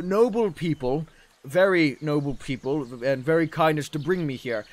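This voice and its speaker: A man's voice: on the high side, close to an everyday voice. Jittery polite lady envoy, all flowery and stammery, a man putting her on. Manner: halting, flowery and deferential. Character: nervous, overly polite female diplomat.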